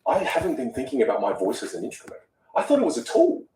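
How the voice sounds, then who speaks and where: A young man, a communication coach, telling stories in an animated way during a podcast interview. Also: medium pitch, quick pace, echoey room, far from the mic, a little hiss or hum, rough recording. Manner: animated, dramatic storyteller who acts out voices.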